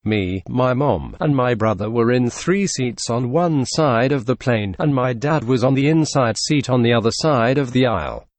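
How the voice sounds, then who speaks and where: Lively male storyteller, dry close mic. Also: mid-range voice, moderate pace, few pauses, dry recording. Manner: lively, expressive read with sarcastic asides. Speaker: narrator reading a reddit story. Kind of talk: scripted storytelling narration.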